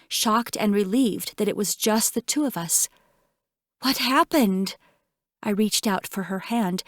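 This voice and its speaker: A woman narrating an audiobook in first person, with measured, tense storytelling. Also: medium pitch, no room sound, clean studio sound.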